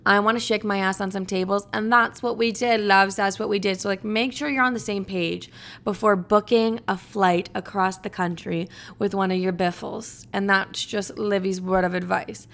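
Chatty, profane young woman podcaster, smooth voice. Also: mid-range voice, fairly even intonation, normal speed, fairly bright tone. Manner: chatty, profane, playful, says "like" a lot. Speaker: podcast host. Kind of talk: casual solo podcast monologue.

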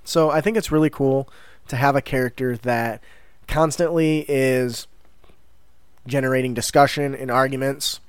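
A man co-hosting a tabletop gaming podcast in casual chat, animated and laughing, slipping into quick character voices. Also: mid-range voice, clean tone, no room sound, studio quality. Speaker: podcast co-host.

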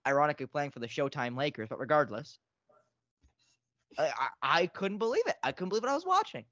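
Excitable man on a sports podcast. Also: fast, dry recording. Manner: excitable, repeats himself, big jumps in pitch. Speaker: podcast co-host. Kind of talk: casual sports podcast chat. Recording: dry, dull lo-fi sound.

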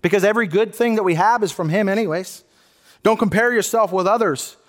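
A man's voice: sits high, fairly quick, big-room sound. A man who is a pastor, preaching a sermon in an earnest, conversational way and often restarting his sentences. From United States. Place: church sanctuary.

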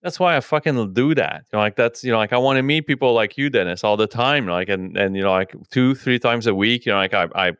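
Man, podcast host, casual talk, lots of fillers, swears, lowish voice, dry close sound. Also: fast, hardly any pauses, fairly bright tone, clear, resonant tone, dry recording. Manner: rambling, constant "you know, like" fillers. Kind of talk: casual conversation.

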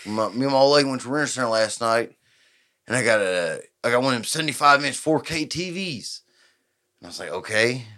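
A man spins a profane, animated story on a podcast. He talks at an ordinary pitch and voices the people in his tale as he goes. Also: a little fast. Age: 20s. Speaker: podcast host. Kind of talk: casual storytelling chat.

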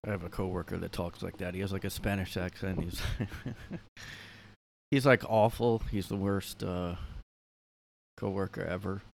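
Rambling low-voiced man, solo podcast. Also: steady tone, measured pace, creaky, pauses often, slight background noise. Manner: rambling, filler-heavy, sardonic. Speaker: podcast host. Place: his room.

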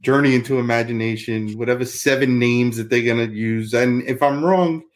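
A man playing as a contestant in a casual podcast quiz game, good-humored and drawn-out. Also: mid-range voice, fairly even intonation.

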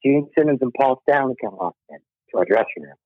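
A man's voice: medium pitch, animated, quick pace, dry recording. A middle-aged man, a rock musician guest, telling stories in a casual interview, acting out quotes and laughing often. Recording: tinny dry phone line.

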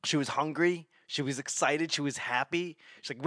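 A man's voice: on the high side, normal speed, hardly any pauses, fairly bright tone, no room sound, clean studio sound. A man casually telling a rambling story, laughing often and swearing freely.

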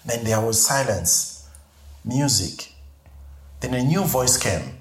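A middle-aged man from Zambia telling a personal story in an interview, animated and laughing often. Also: medium pitch, slow pace, reverberant. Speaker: podcast guest.

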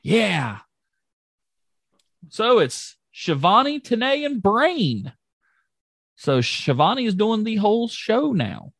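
Excitable man with a lively, bouncing voice. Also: high voice, slow pace, gravelly, pauses often, no room sound, studio quality. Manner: excitable, jokey, trails off and restarts. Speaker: podcast co-host recapping wrestling. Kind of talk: casual chat.

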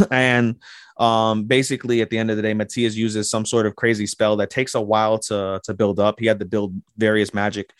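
Man, podcast host, casual anime recap, profane, rambling, fairly low voice, dry sound. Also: level tone, moderate pace, no echo. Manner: rambling, profane, with lots of fillers and restarts.

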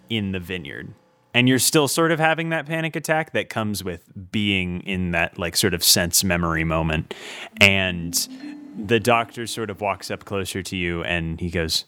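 Low-voiced man narrating a tabletop game. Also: bright, forceful tone, clean tone. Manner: slow, halting narration with many restarts. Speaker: game master.

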